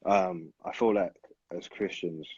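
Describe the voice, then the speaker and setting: A young man chatting casually as co-host, cutting in with quick, laid-back remarks. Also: low-pitched, steady tone, a little mellow, slightly rough, no room sound. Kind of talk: casual chat. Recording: dull, lo-fi and dry.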